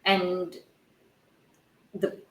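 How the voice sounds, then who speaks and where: Woman podcaster rambling thru an episode recap, lowish voice, echoey room. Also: level tone. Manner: rambling, self-correcting, quick to get heated. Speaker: podcast host.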